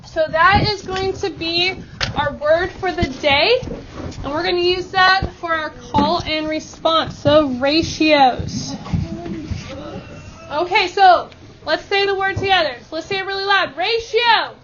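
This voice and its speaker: A woman math teacher leading a lesson with brisk, upbeat instructions and call-and-response countdowns. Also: extremely high pitch, noisy background. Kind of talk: classroom instruction. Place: school classroom. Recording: dull lo-fi classroom recording with student chatter.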